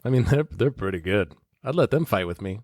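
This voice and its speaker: Male tabletop player, deadpan and teasing, lowish voice, dry close sound. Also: a little fast, no room sound. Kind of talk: in-character tabletop play.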